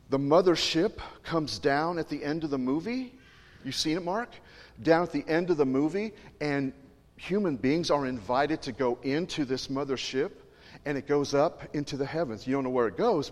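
A male pastor preaching a sermon in a chatty, digressive way, joking with and questioning his congregation. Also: a little high. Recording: long reverb in a large hall.

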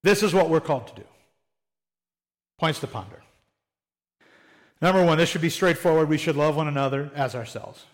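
A male pastor delivering a sermon in an easy, conversational tone. His voice sits high for a man. He talks plainly and slips into short acted-out bits of everyday dialogue. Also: moderate pace, pauses often. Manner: conversational, plain-spoken, acts out little quoted exchanges.

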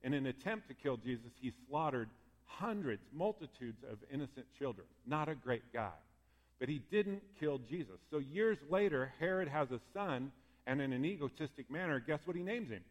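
A male pastor giving a sermon in a lively, conversational way, with asides and fired-up moments. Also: mid-range voice, moderate pace. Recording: long reverb in a hall.

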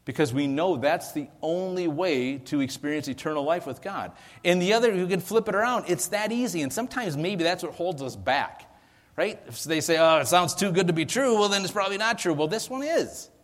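A man's voice: on the high side, lively intonation, brisk. A pastor preaching a conversational sermon, asking his listeners questions. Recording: long hall reverb.

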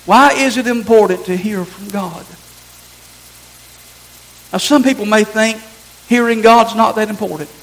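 A man's voice: high-pitched, steady tone, measured pace, gravelly, pauses often, rough recording. A man preaching a sermon as pastor, earnest and emphatic, driving his points home through repetition.

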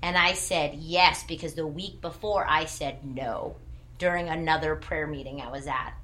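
A woman's voice: deep voice, fairly even intonation, normal speed, pushed and bright. A woman in her thirties who worked in church ministry, telling a personal testimony with earnest storytelling and quoted dialogue.

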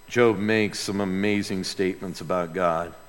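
A male pastor preaching a sermon in a church, emphatic and dramatic, dropping to quiet asides and then rising to loud outbursts. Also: sits low, steady tone, normal speed. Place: church sanctuary with a sound booth. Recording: long reverb in a large hall.

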